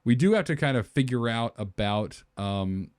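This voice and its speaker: A man's voice: medium pitch, normal speed, no echo, studio quality. A man co-hosting a podcast, brainstorming a movie plot in casual chat and acting out the characters' lines as he goes. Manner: animated storyteller, acts out characters' lines. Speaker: podcast co-host.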